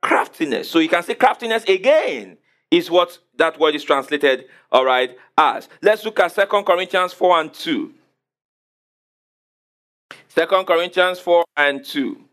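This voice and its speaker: A male pastor, preaching emphatically, asking the congregation questions and repeating key words slowly. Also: fairly high pitch, lively intonation, fairly bright tone. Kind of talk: sermon.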